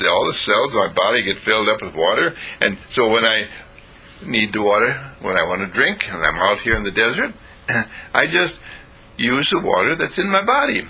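A man voicing a calm, patient male spiritual teacher in a told story, speaking slowly and earnestly. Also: fairly low pitch, husky, full character voice, poor audio. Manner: slow, measured, earnest. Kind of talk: storytelling with voices.

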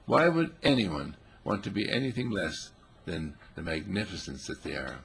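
Man, spiritual teacher, gravelly and raspy, lively up-and-down pitch, playful. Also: moderate pace. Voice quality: gravelly, husky. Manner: playful, animated, voicing animals and quotes. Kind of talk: spiritual talk.

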